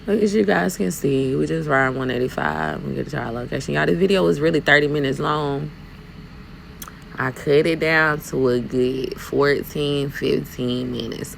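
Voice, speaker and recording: A woman's voice: low-pitched, unhurried, creaky, slight background noise, poor audio. A woman from Alabama with a Southern accent, chatting casually and sassily to viewers while driving her truck. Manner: talkative, sassy, addresses viewers as y'all. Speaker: truck driver vlogger.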